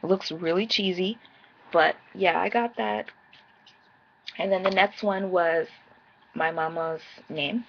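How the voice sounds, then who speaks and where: A woman's voice: fairly low pitch, fairly even intonation, takes it slowly, gravelly, long pauses, highs cut off, slight background noise. A woman around thirty telling a personal story to camera in casual slang, acting out the quoted dialogue. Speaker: vlogger.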